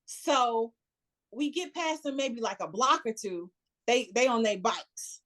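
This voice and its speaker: Animated woman telling a story, laughing often. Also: fairly high pitch, takes it slowly. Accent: Chicago. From United States. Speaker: guest. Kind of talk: casual storytelling.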